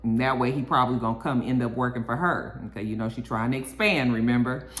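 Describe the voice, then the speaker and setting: Woman reviewer, low voice, chatty recap, echoey room. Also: fast talker. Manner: animated, swaps into high voices for characters, frequent "okay?". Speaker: TV episode reviewer. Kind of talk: casual recap with acted-out quotes.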